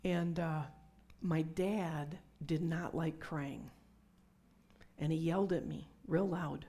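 Low-voiced woman preaching a sermon. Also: fairly even intonation, slow pace, pauses often, dark tone, slightly rough. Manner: conversational, confiding, drops to whispers for emphasis. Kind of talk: sermon with personal testimony.

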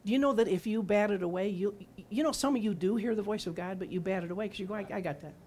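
A woman's voice: medium pitch, fast, dark tone. A woman in her sixties preaching a sermon in a conversational testimony style, asking the listeners questions and acting out quoted words. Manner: acts out her own and God's words in quoted lines.

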